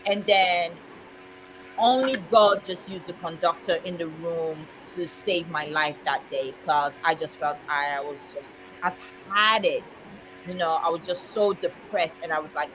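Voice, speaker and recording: A woman's voice: on the low side, unhurried, noisy background. A woman in casual chat, telling a heartfelt personal story in an earnest way with frequent "you know"s. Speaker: co-host of a community chat stream.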